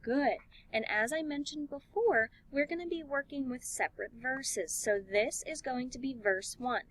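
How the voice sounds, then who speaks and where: A woman music teacher giving an elementary music lesson, talking slowly and clearly and encouraging the class. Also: high-pitched, fairly bright tone, poor audio. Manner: slow, clear, encouraging teacher talk with sung and chanted examples.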